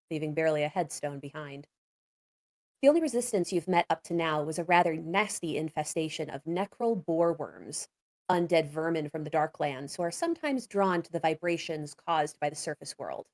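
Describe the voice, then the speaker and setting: A woman running a tabletop game as game master, with measured storytelling narration. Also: on the low side.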